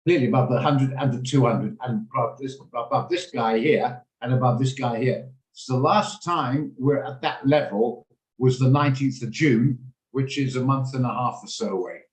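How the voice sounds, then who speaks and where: A man's voice: mid-range voice, moderate pace, roomy sound, poor audio. A man hosting a live trading lesson on a video call, explaining his orders and checking in with attendees by name. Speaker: trading room host. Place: home office on a video call.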